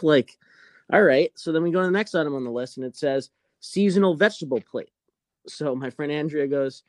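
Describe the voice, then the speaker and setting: A man's voice: fairly high pitch, animated, a little fast, no room sound. A man with a somewhat raised voice tells a long story in a casual podcast. He swears constantly and acts out the people in the story. The sound is close and dry, with no room around it. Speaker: podcast co-host telling a story.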